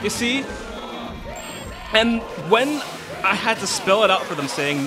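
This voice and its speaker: Over game music, a young man hosting a let's play rants with exasperation, animated and repeatedly tossing in "right?" His voice sits high, and he goes slowly with long pauses.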